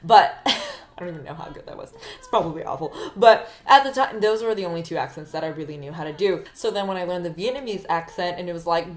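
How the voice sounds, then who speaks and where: Woman rambling on in a chill vlog, lowish voice, lots of little tangents. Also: normal speed. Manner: chatty and rambling. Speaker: singer-songwriter and YouTuber. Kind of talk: casual chat to camera.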